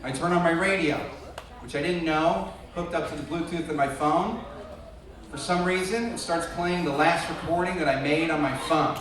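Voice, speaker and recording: A young man doing a stand-up comedy set, telling self-deprecating stories and bursting into loud acted voices. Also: fairly high pitch, normal speed. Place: comedy club with live audience. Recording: echoey club from far off, audience audible.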